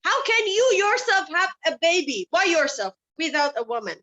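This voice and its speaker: A woman's voice: very high voice, very animated, moderate pace, sharp tone. A woman speaking at a summit, telling personal stories with passion and firing off rhetorical questions. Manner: impassioned, asks many rhetorical questions. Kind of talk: personal storytelling speech. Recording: dull lo-fi recording.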